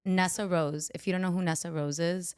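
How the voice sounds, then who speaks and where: A woman's voice: fairly low pitch, fairly even intonation, brisk, clean tone. A woman hosting a podcast in casual chat, talking emphatically and full of fillers. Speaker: podcast host.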